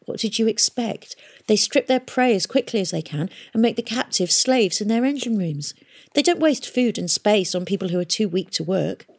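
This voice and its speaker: A woman reading a novel aloud, voicing a blunt, hard-bitten young woman who speaks curtly and flatly. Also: medium pitch, moderate pace, breathy edge, dry recording, studio quality, voice pushed up. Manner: curt and flat.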